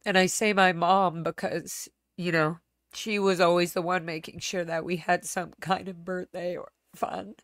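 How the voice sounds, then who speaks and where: A woman hosts her own livestream, talking casually and candidly to viewers. Her voice sits a little low with a smooth, clear tone, recorded close and dry. She rambles, trails off mid-thought and picks the story back up. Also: level tone, unhurried, a bit bright, dry recording. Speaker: livestream host.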